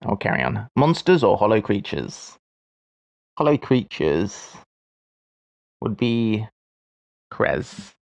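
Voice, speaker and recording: Man in his forties, slow unhurried talk, dry close mic, mutters and chuckles at himself, live streamer. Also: lowish voice, very animated, a little mellow, dry recording. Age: 40s. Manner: muttering half-finished thoughts, chuckling at his own mistakes. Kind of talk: thinking aloud while solving puzzles on a live stream.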